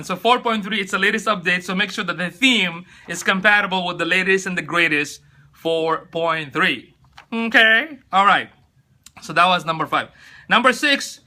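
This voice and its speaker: A man's voice: sits high, bright, forceful tone. A chatty, upbeat man hosting a casual live-stream tutorial on his phone, greeting viewers by name as he talks. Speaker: live-stream host giving tips.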